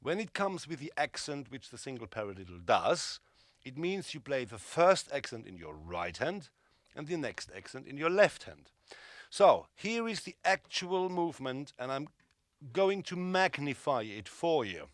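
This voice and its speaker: Emphatic drum teacher, lively pitch. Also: male voice, normal speed. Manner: emphatic, counts and calls hand patterns aloud; opinionated, dismissive asides. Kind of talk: instructional drum lesson.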